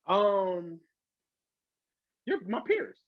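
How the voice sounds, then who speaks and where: A man who is a hip hop artist, talking as a podcast guest in a loose, animated way, swearing freely and acting out quoted voices. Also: high voice, very slow, dry recording, narrow, tinny audio. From Southern California. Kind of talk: casual podcast interview.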